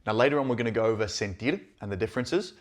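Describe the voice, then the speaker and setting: A man with a lowish voice hosts a Spanish lesson on his channel, speaking very fast. He explains each line as he goes and checks in with his listeners often.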